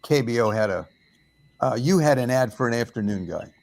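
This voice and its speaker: A man's voice: medium pitch, animated, a little fast, gravelly, darkish tone. An older man, a former radio DJ, telling stories about his career in a casual chat, with frequent fillers.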